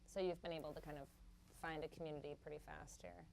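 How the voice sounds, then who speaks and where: A woman's voice: sits low, level tone, fast talker, vocal fry, darkish tone, slight background noise. A woman hosting a casual music interview, asking questions in a friendly way. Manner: friendly, brief prompts. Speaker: interviewer host.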